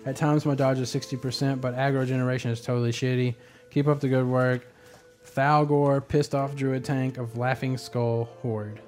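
A man's voice: medium pitch, normal speed, faint music behind. Laid-back man reading listener mail. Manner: relaxed, reads letters aloud with fillers. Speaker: podcast host reading listener emails. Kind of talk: casual podcast chat.

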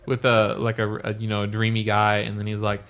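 A man in a casual chat, opinionated and quick to laugh, fond of folksy sayings. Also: on the low side, completely flat delivery, fairly bright tone.

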